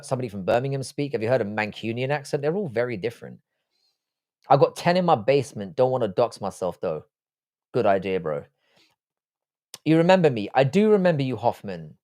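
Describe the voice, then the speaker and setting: A man's voice: mid-range voice, no room sound. A man with a London accent, hosting a live stream, reading viewer comments aloud and answering them bluntly with dry asides. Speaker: livestream host reading chat. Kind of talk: casual live chat.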